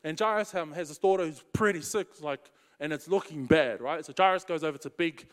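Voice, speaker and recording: A man's voice: a little high, brisk, long reverb tail. A man preaching in a casual, slangy storytelling way. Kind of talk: storytelling sermon.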